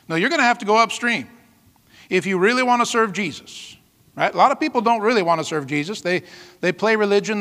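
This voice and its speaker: A man's voice: high voice, pushed and bright, big-room sound. A man preaching a sermon as pastor, emphatic, with dramatic exclamations and rhetorical questions to the congregation.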